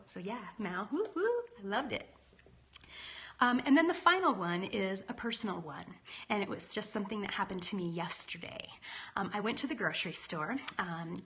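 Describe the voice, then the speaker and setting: A woman's voice: fairly low pitch, fairly bright tone. A woman in her thirties, a leadership coach, talking casually and candidly to livestream viewers and often checking in with "right?". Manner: chatty and candid, with frequent "right?" asides. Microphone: phone or laptop livestream.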